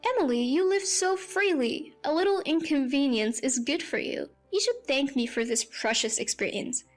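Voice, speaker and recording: A woman's voice: high voice, animated, normal speed, faint music behind, voice pushed up. A woman putting on a pushy, scornful entitled mother. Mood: dismissive. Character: entitled demanding young mother.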